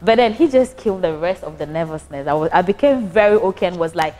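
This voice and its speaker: A young Ghanaian woman casually recounting her hospital stay as a patient, animated and prone to restarts. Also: fairly low pitch, fast, hardly any pauses, faint music behind. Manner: animated, acts out voices, frequent restarts. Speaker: patient giving a testimonial. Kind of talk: casual storytelling.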